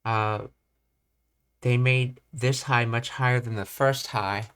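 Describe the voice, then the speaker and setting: A young man reading and commenting on language study material, thinking aloud with halting restarts. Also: mid-range voice, steady tone, fairly bright tone, clear, resonant tone. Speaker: language teacher.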